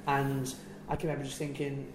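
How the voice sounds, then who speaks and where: A man's voice: mid-range voice, monotone, a little fast, background noise. A man chatting casually, laughing easily as he tells his side of a shared story. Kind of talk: casual chat. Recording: echoey room.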